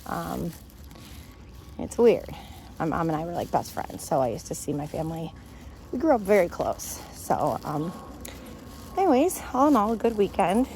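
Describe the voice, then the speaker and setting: A woman's voice: on the low side, very animated, normal speed, pauses often, darkish tone, slight background noise. Chatty woman vlogging on a dog walk. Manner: chatty, venting, lots of fillers. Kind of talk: casual walk-and-talk vlog. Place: outdoors on a neighborhood street, walking dogs.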